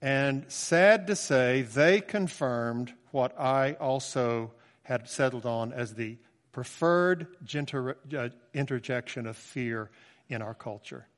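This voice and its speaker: A man's voice: mid-range voice, slow pace. A man in his sixties preaching a conversational, emphatic sermon with asides in a church. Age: 60s. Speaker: pastor. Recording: long church reverb.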